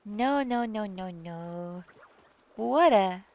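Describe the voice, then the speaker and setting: A woman's voice: medium pitch, expressive, drawn-out words, darkish tone, slight background noise. A woman live streaming, chatting casually with viewers, reading chat aloud and playing with how words are pronounced. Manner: reads chat aloud and plays with word pronunciations.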